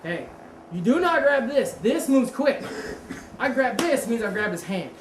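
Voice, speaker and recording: A woman's voice: a little high, a little slow. A woman teaching a martial arts seminar, talking casually, quizzing the class and correcting herself. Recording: roomy echo with steady background noise.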